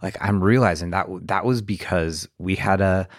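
A man co-hosting a podcast, talking in a reflective, halting way with lots of fillers. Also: sits low, no echo, studio quality. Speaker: podcast co-host. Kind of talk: casual podcast chat.

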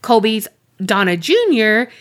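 A woman co-hosting a podcast, telling a rambling story in animated casual chat, swearing and laughing often. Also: a little high, a little slow. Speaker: podcast co-host.

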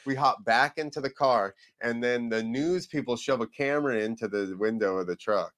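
A man's voice: medium pitch, moderate pace, fairly bright tone. A man guesting on a podcast, telling a rambling story in casual chat, acting out the people in it and swearing now and then. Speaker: podcast guest, freestyle motocross rider.

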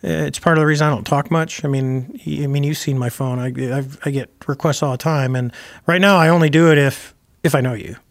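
An older man's gravelly, somewhat high voice, chatting as an interview guest. He rambles through anecdotes with frequent restarts and wry, chuckling asides. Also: fairly even intonation, fast, few pauses. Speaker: guest, retired Navy pilot. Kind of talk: casual interview chat.

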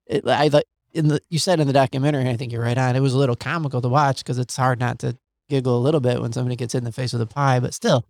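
A man's voice: mid-range voice, fairly even intonation, rapid-fire, a little mellow, dry recording. Thoughtful male podcast host, dry close sound. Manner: thoughtful, searching phrasing with many "like"s. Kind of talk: casual podcast conversation.

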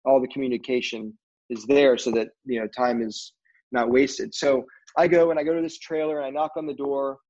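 A man in casual conversation, telling rambling, animated stories about his career in film, with lots of fillers and restarts. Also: mid-range voice, brisk. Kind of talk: casual storytelling interview. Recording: dull lo-fi audio.

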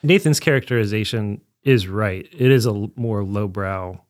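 A low-voiced man on a podcast panel weighs in during a casual chat. He speaks in a measured, thoughtful way. The recording is dry, with no room sound. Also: no room sound.

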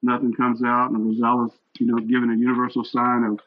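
A man's voice: mid-range voice, fast, narrow, tinny audio. A man in his sixties, a retired fire captain, telling stories earnestly as an interview guest. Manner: earnest, animated storyteller. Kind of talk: storytelling interview.

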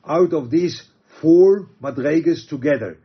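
A man teaching a religious text, reading quotes aloud and explaining them halting restarts. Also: a little high, breathy edge. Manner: reads Aramaic and Hebrew quotes then explains in English, halting restarts. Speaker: Torah teacher. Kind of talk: text study lecture. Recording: dull lo-fi recording.

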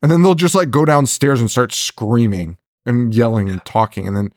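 A man's voice: medium pitch, normal speed, darkish tone, no room sound. Guy on a horror movie podcast, swears a lot, laughs a bunch, dry close sound. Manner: profane, ranting, laughs often. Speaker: podcast co-host. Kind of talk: casual movie review chat.

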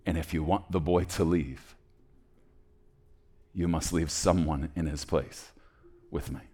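A man voicing a very old man who speaks slowly, quietly and calmly, in a sermon story. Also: extremely low pitch, exaggerated voice. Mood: solemn. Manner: slow, quiet, calm. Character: very old man, calm and solemn father.

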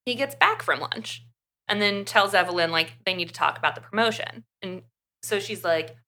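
A young woman co-hosting a podcast, casually retelling a book's plot in an animated way, full of "like". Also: medium pitch, normal speed. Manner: chatty, animated retelling with lots of "like". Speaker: podcast co-host. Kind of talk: casual book review chat.

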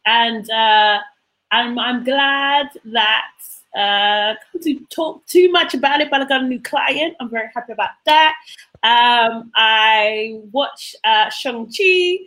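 A woman's voice: a little high, sharp tone, poor audio. A woman co-hosting a podcast in casual chat, upbeat and chatty, with frequent hesitant fillers. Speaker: podcast co-host.

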